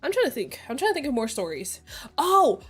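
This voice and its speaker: A woman's voice: high voice, sing-song, fairly quick, a bit bright, faint music behind. A young woman streamer chatting casually and telling stories with lots of giggles and quoted voices. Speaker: vtuber streamer. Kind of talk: casual chat.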